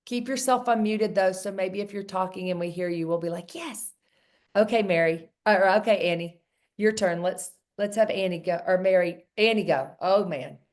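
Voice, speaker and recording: On a video call, a woman coaches a group of women in a casual, earnest, encouraging way, often repeating phrases for emphasis. Her voice is medium-pitched and a little mellow, at a moderate pace.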